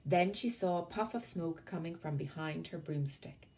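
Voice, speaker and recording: A woman with an Irish accent reading a picture book aloud to children as a library storyteller, expressive and soft on the tag lines. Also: sits low, moderate pace, few pauses.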